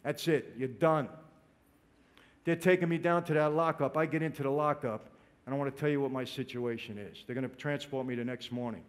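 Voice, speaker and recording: In a steady, mid-range voice and at a fairly quick clip, a man shares an emotional religious testimony. He speaks directly to his listeners, calling them "people."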